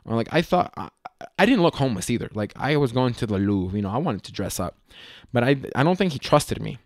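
Profane, animated man telling a story. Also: medium pitch, fast talker, no room sound, studio quality. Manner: profane, animated, self-mocking. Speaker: podcast host. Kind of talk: casual comedic storytelling.

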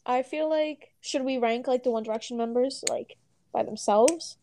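A young adult woman co-hosting a podcast in casual chat, talking fast and loosely, with lots of "like" and some swearing. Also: sits high, dark tone, a little hiss or hum. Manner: chatty, frequent "like", swears, laughs often. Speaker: podcast co-host.

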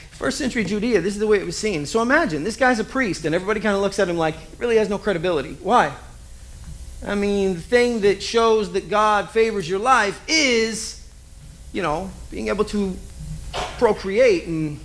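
A man preaching a sermon in a conversational, animated way, full of rhetorical questions. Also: sits high, moderate pace, long pauses. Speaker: pastor.

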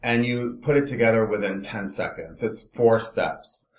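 A man's voice: on the low side, normal speed, reverberant. A man from Los Angeles, a dance company director, explaining his product in a casual interview chat, enthusiastic and step by step.

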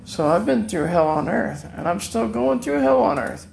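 Older man in pain, rambling monologue from home; gravelly, raised pitch. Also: lively intonation, normal speed, a little mellow, a little hiss or hum. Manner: rambling, repeats words, laughs at own jokes. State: in chronic pain. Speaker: podcast guest. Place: room at home.

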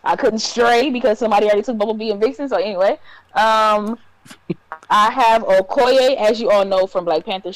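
A woman's voice: mid-range voice, darkish tone, no room sound, poor audio. A woman from Detroit co-hosting a casual podcast chat, talking in a rambling way with many ums and restarts. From Detroit, USA. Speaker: podcast co-host.

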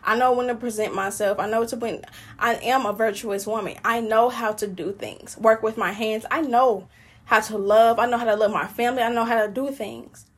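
A woman with a high, slightly breathy voice talks casually about her faith. She is joyful and preachy, laughs often and rambles from one thought to the next. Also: fairly even intonation, moderate pace. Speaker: Christian woman sharing testimony.

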